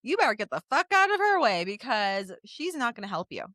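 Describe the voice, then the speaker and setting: A woman's voice: on the high side, very animated, fairly quick, fairly bright tone, no room sound, clean studio sound. A woman co-hosting a podcast in casual chat, reacting with blunt, jokey asides and a lot of laughter. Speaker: podcast co-host.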